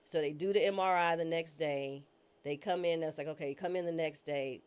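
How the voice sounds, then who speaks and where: A woman's voice: deep voice, fairly even intonation, a little fast, a little mellow, clear, resonant tone. A woman judge as an interview guest, telling a personal story in a candid, slangy, self-mocking and dramatic way. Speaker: interview guest, judge and former public defender.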